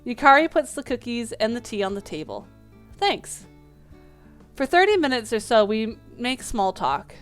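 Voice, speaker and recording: Woman host, higher voice, smooth and clear, reads a game's dialogue aloud with slips and asides, faint music behind. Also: big pitch swings, moderate pace. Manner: reads lines with small slips and restarts. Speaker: let's play host reading a dating game aloud. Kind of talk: reading game text aloud with asides.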